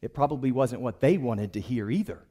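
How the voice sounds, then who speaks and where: A man's voice: mid-range voice, lively intonation, fairly quick, dark tone, big-room sound. A man preaching a sermon in church, calling on the congregation to respond. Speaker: pastor.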